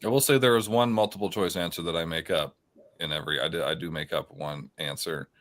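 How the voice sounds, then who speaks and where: A man's voice: sits low, fast talker, fairly bright tone. A man hosting a casual slang quiz among friends. He jokes and often restarts his sentences. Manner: joking, with frequent restarts. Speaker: host and quiz master. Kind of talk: casual group chat.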